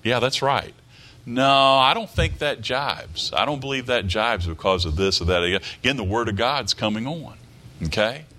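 A male pastor delivering an emphatic sermon, quoting scripture and driving his points home by repetition. His voice is bright and forceful, and his pitch rises and falls with lively animation. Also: moderate pace. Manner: emphatic, repeats phrases, quotes scripture.

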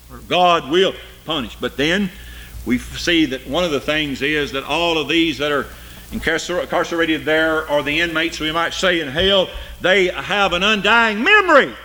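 An older man delivers a sermon in a bright, forceful voice. He swings from loud, high cries down to low, quiet asides, and his voice sits a little higher than most men's. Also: lively intonation, moderate pace. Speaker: preacher.

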